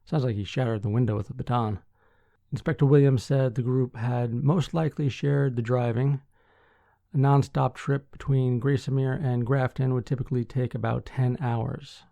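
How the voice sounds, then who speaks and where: A sleepy man hosts a podcast, reading news articles aloud and stopping for deadpan asides. His voice is gravelly and mellow. The recording is dull and dry, made close to the mic. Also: mid-range voice, moderate pace, dry recording. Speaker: podcast host.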